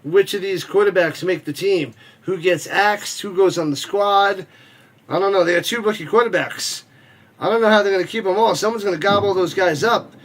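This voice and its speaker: Guy with a pretty high voice running a football watch stream, rambly and jokey, reads chat out loud. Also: moderate pace. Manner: rambling, joking, reads chat comments aloud. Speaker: watch party host and play-by-play streamer. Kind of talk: casual live-stream chat with play-by-play calls.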